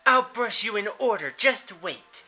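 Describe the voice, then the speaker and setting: A man's voice: high voice, animated, unhurried, bright, forceful tone, soft background music, pitched above the performer's own voice, exaggerated voice. A man reading a brusque teenage girl in a visual novel as she bosses her cats around in a curt, scolding way.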